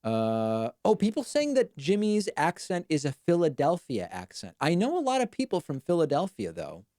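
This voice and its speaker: A man's voice: a little high, huge pitch swings, moderate pace, mellow, no room sound. A man hosting a live stream, giving dry, wry commentary in a casual chatty way.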